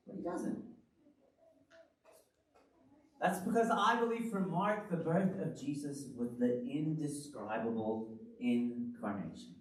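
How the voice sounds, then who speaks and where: A male pastor preaching in a lively, conversational way, tossing rhetorical questions to the room. His voice sits a little high for a man. It carries through a very echoey church hall, picked up from some distance. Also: normal speed. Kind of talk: sermon. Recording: very echoey hall, from the far mic.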